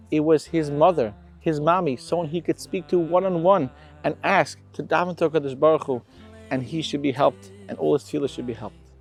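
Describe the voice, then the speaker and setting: A man's voice: mid-range voice, a little mellow. Earnest man telling a heartfelt story. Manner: emotional, rising intensity on quotes. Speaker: storyteller for a charity. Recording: faint background music.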